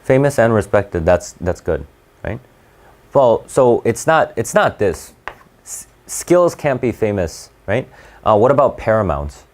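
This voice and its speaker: A low-voiced young man runs a test-prep class. He talks in a halting, chatty way and keeps restarting his sentences as he works through each question. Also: sing-song. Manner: halting and conversational, with many restarts and fillers. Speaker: SAT tutor. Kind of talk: live classroom lesson.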